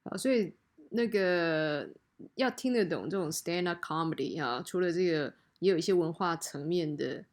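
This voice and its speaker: A woman's voice: fairly low pitch, normal speed, a little hiss or hum. A woman teacher explaining clips in a chatty way, with frequent fillers and sentence-ending particles. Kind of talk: explanatory lesson commentary.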